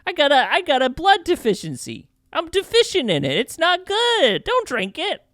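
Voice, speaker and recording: A man's voice: very high voice, huge pitch swings, moderate pace, a bit bright, no room sound, studio quality, pitched above the performer's own voice, heavily acted. A man doing a brash, whiny cartoon New York guy swatting away a vampire, in a New York accent.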